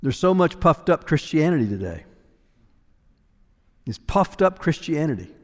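A man preaching a sermon as pastor, emphatic, repeating phrases for weight and moving between hushed and raised delivery. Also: a little high, very animated, a little slow. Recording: long reverb of a large hall.

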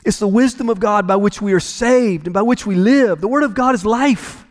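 A man's voice: sits high, moderate pace, long reverb tail. A male pastor preaching a sermon with an emphatic, repetitive cadence.

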